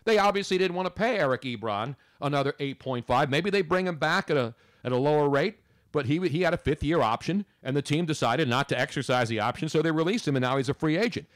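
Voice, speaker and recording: A man's voice: a little high, expressive, fast talker. A man hosting a sports talk radio show, rambling and chatty in casual banter. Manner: rambling, chatty, talks over others.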